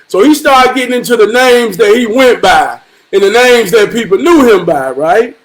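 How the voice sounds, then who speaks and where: A man telling a family story in a profane, animated storytelling vlog, swearing freely. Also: extremely high pitch, normal speed, poor audio. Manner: animated, swearing freely, repeating himself for emphasis. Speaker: vlogger.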